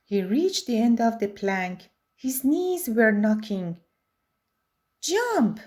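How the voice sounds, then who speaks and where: A woman reads a children's picture book aloud at a very slow pace. Her voice sits slightly high and moves a lot in pitch. She tells the story expressively. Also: big pitch swings, a little mellow. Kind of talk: children's read-aloud narration.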